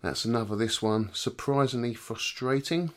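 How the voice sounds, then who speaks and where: A man's voice: medium pitch, moderate pace. A man co-hosting a casual arcade podcast, reading listener scores in a laid-back way. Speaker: podcast co-host.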